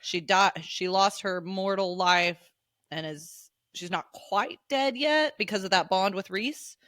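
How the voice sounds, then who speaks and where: A young woman co-hosting a podcast in casual book chat, talkative, now and then mimicking characters in a high mocking voice. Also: measured pace, a bit bright, dry recording, studio quality. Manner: chatty, acts out characters' lines in a high mocking voice. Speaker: podcast co-host.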